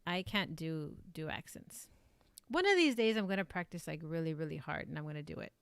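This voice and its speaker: A woman's voice: low-pitched, lively intonation, fairly quick, vocal fry, smooth, dry recording. A young woman chatting casually on her live stream, rambling and filling her talk with likes and ums. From United States.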